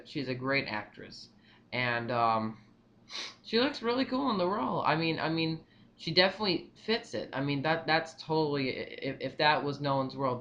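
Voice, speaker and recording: A young man giving his movie opinions in a casual vlog, rambling and excitable, repeating himself often. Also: medium pitch, dull audio. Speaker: vlogger.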